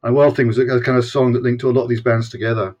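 A man's voice: mid-range voice, little pitch movement, racing, darkish tone, lo-fi sound. A Scottish man in his sixties, a guest on a video-call interview, talking in a rambling, casual way with frequent restarts. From Scotland. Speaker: guest, former punk fanzine editor.

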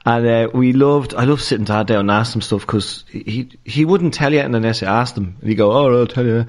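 A Dublin Irish man, a stand-up comedian guesting on a podcast. He tells childhood stories in an animated way and keeps breaking into laughter. His voice sits at an ordinary pitch for a man. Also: fast talker. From Dublin, Ireland. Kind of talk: casual storytelling in a podcast interview.

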